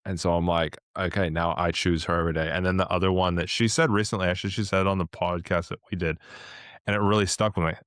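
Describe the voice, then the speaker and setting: A man's voice: fairly even intonation, fast, a bit bright, smooth, no echo, studio quality. A man hosting a podcast interview, talking earnestly and emotionally, at times getting teary. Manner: mimics himself with a much higher voice in quoted asides. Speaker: podcast host. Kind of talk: casual interview chat.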